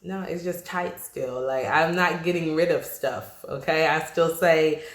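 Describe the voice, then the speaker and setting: A woman with an East Coast accent, chatting casually to camera with lively, slangy asides and frequent laughter. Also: sits low, measured pace. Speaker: vlogger. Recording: roomy echo.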